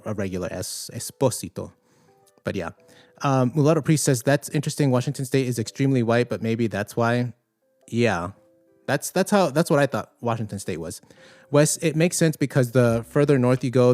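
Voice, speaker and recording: A man's voice: medium pitch, dry recording. A man hosting a livestream podcast, chatting casually and reading out viewer comments with many fillers. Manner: relaxed, conversational, thinks aloud with many fillers.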